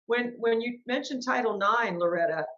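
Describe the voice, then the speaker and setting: A woman's voice: on the high side, normal speed, fairly bright tone. Woman host, enthusiastic, encouraging, dull lo-fi recording. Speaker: podcast host. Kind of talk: casual interview.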